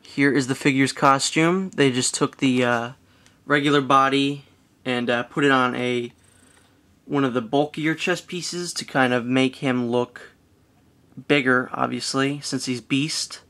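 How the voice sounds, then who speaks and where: A man reviewing action figures in a relaxed, casual way, hedging often and filling pauses with "uh.". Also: medium pitch. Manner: hedging, relaxed, with frequent fillers. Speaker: toy reviewer.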